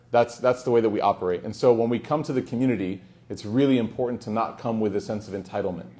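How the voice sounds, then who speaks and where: A man speaking as an imam and teacher at a community gathering, in a casual, joking lesson style sprinkled with Arabic phrases. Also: on the low side. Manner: warm, joking, peppers speech with Arabic phrases.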